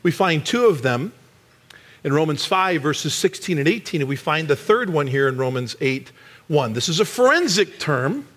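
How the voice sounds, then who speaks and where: A middle-aged man preaching a sermon in church, animated and sometimes rising to a shout for emphasis. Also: on the high side, normal speed. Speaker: pastor.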